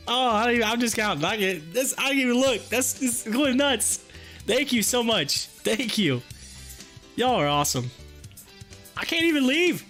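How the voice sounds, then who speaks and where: A man hosting a casual livestream, reading chat and talking in an excited, chatty, folksy way, a bit hoarse. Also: very high voice, normal speed, faint music behind. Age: adult with kids. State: hoarse, losing his voice.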